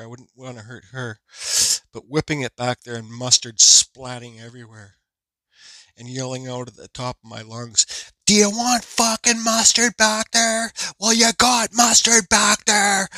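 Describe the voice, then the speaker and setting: A man in his forties telling a rambling, animated story in a casual vlog voiceover. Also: mid-range voice, no room sound. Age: 40s. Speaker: woodcarving channel host.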